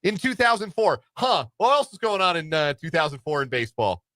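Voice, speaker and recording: A man's voice: a little high, very animated, brisk, sharp tone, no room sound. A man hosting a casual sports talk radio show, making dry wisecracks between game notes.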